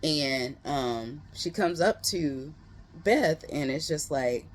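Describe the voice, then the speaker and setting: A book reviewer giving a casual, animated retelling of a novel's plot, full of slangy asides to viewers. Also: medium pitch, takes it slowly, a little hiss or hum. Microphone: close.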